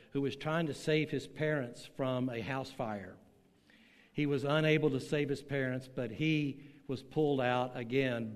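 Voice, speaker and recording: Older guy preaching, slow dramatic storytelling, big long echo from the hall. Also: medium pitch. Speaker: pastor. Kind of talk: sermon. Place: church hall with online audience.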